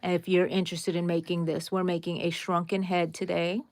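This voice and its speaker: A woman's voice: lowish voice, little pitch movement, fairly quick, a little mellow, no echo. A woman with a Texan accent hosting a live crochet tutorial, chatting casually and directly with her viewers with rambling asides. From Texas, USA. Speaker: crochet livestream host.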